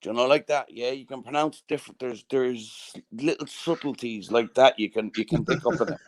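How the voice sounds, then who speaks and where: A man's voice: mid-range voice, a little fast, dry recording. Sweary southern Irish man, dry sound. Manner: sweary storytelling, constantly asking "do you know what I mean". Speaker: podcast host. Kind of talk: casual chat.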